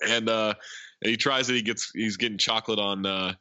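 A man casually recapping a comedy film with a co-host, retelling scenes with lots of fillers and quick impressions. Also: on the low side, smooth, no echo, dull audio. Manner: animated retelling, frequent laughs and filler words. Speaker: podcast co-host. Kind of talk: casual movie recap chat.

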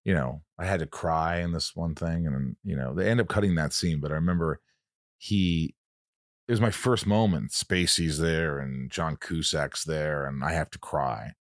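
A middle-aged man hosting a relaxed interview conversation, his voice sitting very low. He tells stories with energy and acts out the lines of the people in them. The sound is close and dry, with almost no room echo. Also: moderate pace. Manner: animated storyteller, acts out quotes. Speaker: podcast host. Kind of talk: casual interview chat.

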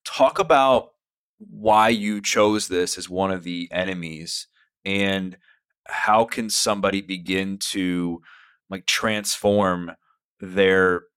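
A man's voice: deep voice, fairly even intonation, slow, fairly bright tone, clear, resonant tone. A man hosting a podcast, asking interview questions in a casual way, with frequent "like" and "um". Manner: casual, uses "like" and "um" often. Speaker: podcast host.

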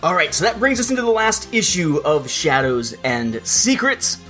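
A man's voice: fairly high pitch, very animated, moderate pace, sharp tone, faint music behind. A man co-hosting a casual podcast, chatting about a comic book and reading its dialogue aloud with a bit of acting. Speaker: podcast co-host.

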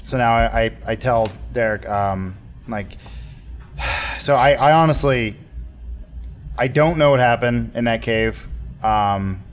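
A man speaking in character as a tabletop role-play player, sharing secrets in a halting, conspiratorial way. He stammers and restarts often, and his voice sits at a middle pitch.

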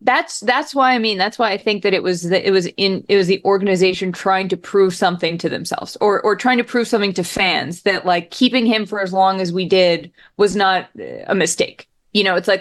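A woman's voice: medium pitch, lively intonation, a little fast, hardly any pauses. A woman co-hosting a casual sports talk show, conversational and emphatic. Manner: conversational, emphatic, agrees often. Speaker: podcast co-host.

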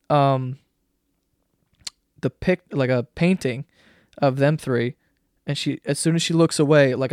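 A young man hosting a solo podcast, retelling a story in a rambling, profane, animated way. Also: on the high side, smooth, no echo, studio quality. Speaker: podcast host. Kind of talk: solo comedic rant.

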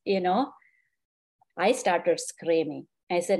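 A grieving middle-aged mother gives an emotional personal account in an interview, earnestly recounting events and quoting what people said to her. Her medium-pitched voice is measured in pace, with vocal fry and a darkish tone.

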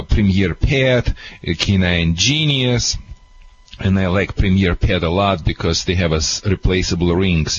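A man who is not a native English speaker gives earnest, halting advice to a caller on a call-in radio show. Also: deep voice, dull audio, slight background noise. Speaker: dog trainer.

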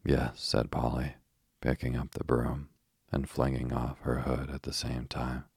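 A man narrating a bedtime story in a calm, even way. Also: extremely low pitch, measured pace, creaky, husky, dry recording, studio quality.

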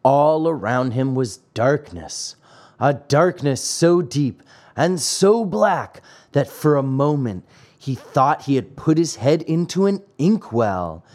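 A man narrating a classic fairy tale in an expressive, dramatic storybook reading. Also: medium pitch, takes it slowly.

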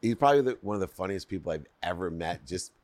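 Deep-voiced male podcast host. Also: expressive, quick pace, a little mellow, no echo. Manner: chatty, laughs along, asks long questions. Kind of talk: conversational interview.

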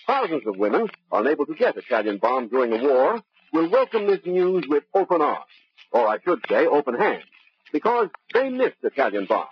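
Brief: male radio ad announcer, lively, muffled lo-fi sound. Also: moderate pace. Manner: smooth, upbeat sales pitch. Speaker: commercial announcer. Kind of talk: 1940s radio commercial. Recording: muffled old radio broadcast.

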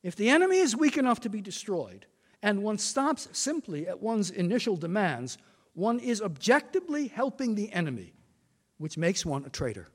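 Older male lecturer, high lively voice, reverberant lecture hall. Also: husky. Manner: measured, reads quotations with emphasis. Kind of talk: formal prepared lecture.

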